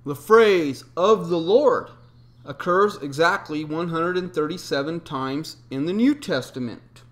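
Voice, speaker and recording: Man, slightly high voice, methodical explanatory monologue, recites numbers, frequent ums. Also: a little slow. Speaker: video presenter.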